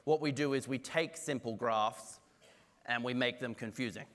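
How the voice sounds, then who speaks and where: A man with an Australian accent giving a conference keynote, brisk and self-deprecating with jokes. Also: medium pitch, fairly bright tone, a little hiss or hum. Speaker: keynote speaker.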